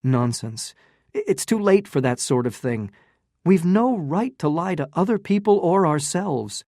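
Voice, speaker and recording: A reader doing a torn young gentleman. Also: a little high, animated, unhurried, no echo, studio quality, pitched above the performer's own voice. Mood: earnest.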